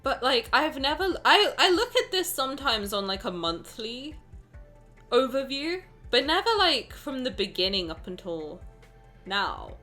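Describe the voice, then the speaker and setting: Her voice is high and her pace measured as this young woman streams live, chatting casually with her audience in an excitable, exclamatory way. She swears occasionally and seems emotional, close to tears, over faint background music.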